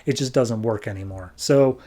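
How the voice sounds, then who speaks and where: A man's voice: medium pitch, normal speed, mellow. A man hosting a podcast, giving an enthusiastic, casual recap of a comic book and swearing now and then. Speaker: podcast host.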